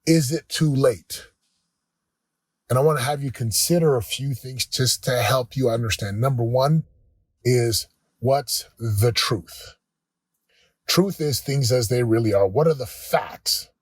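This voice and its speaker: A man's voice: mid-range voice, measured pace, husky, no echo. A man in his forties hosting a motivational podcast, speaking earnestly and openly about his own struggles. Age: 40s. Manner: earnest, emotional and confessional. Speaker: podcast host and coach.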